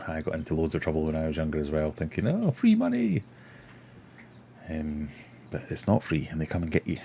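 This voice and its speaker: Deep-voiced scottish guy, middle-aged, rambling through viewer comments on his stream. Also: completely flat delivery, fast, mellow, slight background noise. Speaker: livestream host. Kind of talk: casual live-stream chat.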